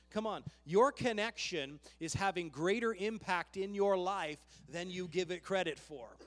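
A male pastor delivers a sermon in a slightly raised register, taking his time over each phrase. He is emphatic, moving between loud declarations and hushed words. His voice carries a long reverb from a large church hall. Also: sits high, measured pace, few pauses.

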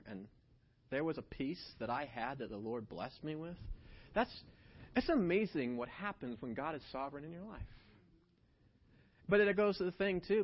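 A man preaching a sermon, telling a personal story in an animated way that swings between hushed and loud. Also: medium pitch. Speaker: pastor. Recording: dull lo-fi sound.

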